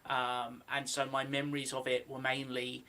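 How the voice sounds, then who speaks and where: Male co-host, bright, tense-edged tone, thoughtful and hesitant film talk. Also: mid-range voice, monotone, moderate pace. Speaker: podcast co-host. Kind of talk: casual film discussion on a live stream.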